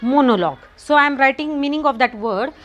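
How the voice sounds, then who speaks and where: A woman's voice: high-pitched, expressive, fast talker, fairly bright tone, muffled recording, soft background music. A middle-aged woman with a Marathi accent teaching an English lesson to children, often repeating herself and asking the class questions. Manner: repetitive, asks students questions often. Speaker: school teacher.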